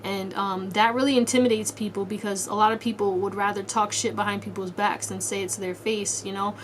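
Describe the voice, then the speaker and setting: Brisk and flat in delivery, a woman with a medium-pitched voice does a casual pick-a-card tarot reading. She swears freely and speaks bluntly in slang, directly to the viewer as "you." A little hiss or hum sits under the audio.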